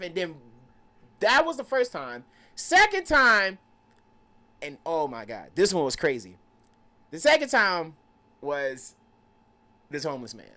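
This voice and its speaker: A young man, a podcast guest, telling a lively story and acting out the people in it. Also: sits high. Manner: lively, acts out quoted voices, laughs often. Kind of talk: animated storytelling.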